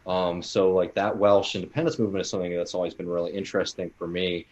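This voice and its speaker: A man's voice: low voice, fairly even intonation, quick pace, darkish tone, lo-fi sound. An American man co-hosting a casual panel chat, reading listener questions and rambling with many fillers. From United States.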